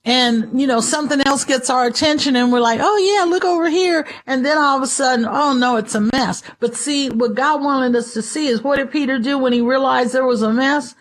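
A woman preaching a sermon in an expressive, storytelling way. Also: sits high, a little fast, hardly any pauses. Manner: expressive, shifts into dramatized voices.

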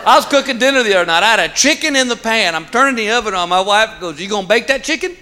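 A man doing a stand-up routine, telling stories and slowing down for punchlines. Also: high voice, expressive, noisy background. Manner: drawling storyteller, punchlines delivered slow. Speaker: stand-up comedian. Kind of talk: stand-up routine before a live crowd. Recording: live club recording with loud crowd.

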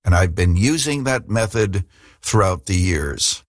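A pastor hosting a radio show speaks in a lowish male voice, steady and personal, as if talking to one listener. The sound is dry and close, with no room around it. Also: measured pace, dry recording. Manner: warm, direct, conversational. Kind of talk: radio ministry talk.

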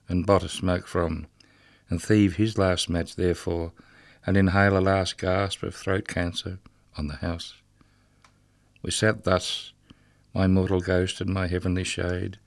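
A man with a low voice, pitched below his own natural register and recorded dry, reads a rhythmic dramatic monologue. Speaking as the ghost of a murdered, drunken prison guard, he sounds bitter and mocking, with an incantatory delivery.

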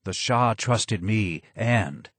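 A man voicing a broken, disfigured old man in an audiobook, speaking low and hoarse, slow and weary. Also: expressive, no room sound, full character voice. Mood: sad. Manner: slow, quiet, weary and measured. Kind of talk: audiobook character voice.

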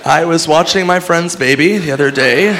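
A man doing stand-up with dark, deadpan jokes and sudden shouted bits. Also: a little high, normal speed, background noise. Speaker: stand-up comedian. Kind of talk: stand-up comedy. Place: comedy club stage with live audience. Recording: live club recording with crowd.

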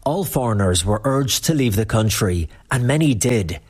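A man reporter reading scripted narration in a clear, steady way. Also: mid-range voice, moderate pace.

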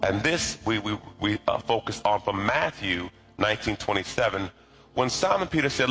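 A man preaching a sermon as pastor, lively and colloquial, with asides to the congregation. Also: fairly low pitch, normal speed, faint music behind.

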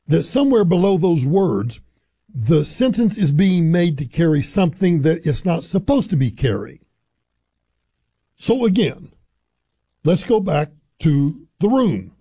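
Gravelly radio talk host, dry studio. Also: male voice, warm tone, dry recording. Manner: chuckling, conversational, drops low for asides. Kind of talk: casual radio monologue. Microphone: studio broadcast mic.

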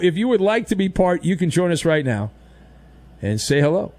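A man's voice: sits high, moderate pace, dry recording. A man hosting a sports talk radio show, riffing sarcastically and mockingly in a studio monologue. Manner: sarcastic, mocking, animated riffs.

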